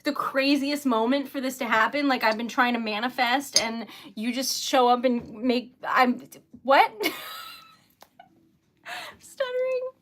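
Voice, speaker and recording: High bright-voiced flustered young woman. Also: expressive, measured pace. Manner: flustered, giggly, emotional, thanking viewers. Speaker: small business owner livestreaming. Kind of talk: casual livestream chat.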